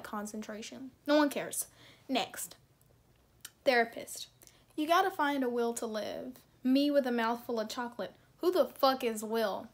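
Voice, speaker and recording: A young woman vlogger chatting casually and self-deprecatingly, with lots of fillers as she reacts to her posts. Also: a little high.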